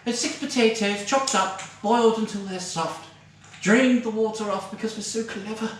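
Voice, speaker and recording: A man's voice: high voice, steady tone, normal speed, fairly bright tone, slight background noise. A man as a posh rambling lady, distant and echoey. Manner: plummy, rambling, says darling constantly. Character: posh scatty middle-aged British lady sidekick. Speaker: cooking show co-host. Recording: very echoey room, far from mic.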